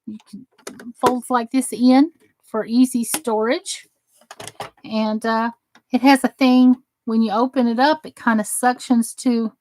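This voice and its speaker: A woman with a Southern American accent talks casually as she works on a craft project. She rambles a little and answers viewer comments as they come in. Her voice sits a touch higher than most. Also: slight background noise, low-quality recording. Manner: chatty, rambling, reads chat aloud while working. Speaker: crafting channel host. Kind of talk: casual craft demo and live chat.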